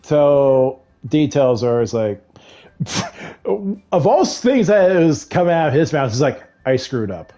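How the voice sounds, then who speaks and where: A man's voice: fairly high pitch, sing-song, takes it slowly, dark tone. A man casually retelling a novel's plot while playing a game, rambling and quoting characters with frequent laughs. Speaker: streamer recapping a novel. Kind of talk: casual chat while gaming.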